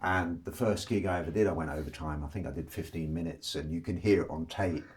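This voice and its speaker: A man's voice: low voice, fast. A man, a stand-up comedian being interviewed, telling long casual anecdotes and acting out bits of dialogue. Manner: relaxed, rambling anecdotal delivery with acted-out dialogue. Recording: loud guitar music behind the voice.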